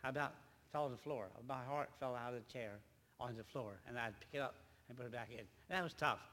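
An older man, a grandfather, preaching a rambling church testimony with halting, repeated words. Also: medium pitch, pushed and bright, big-room sound. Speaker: lay preacher.

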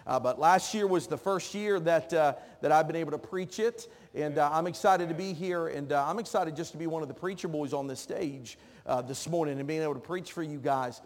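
A man preaching a sermon in a church, joking with the congregation and calling out to them. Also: a little high. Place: church sanctuary. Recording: long reverb of a church hall.

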